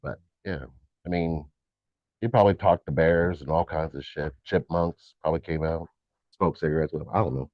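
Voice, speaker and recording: A middle-aged man co-hosting a live stream, chatting casually, animated and joking, swearing now and then. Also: extremely low pitch, moderate pace, no room sound, muffled recording. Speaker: co-host.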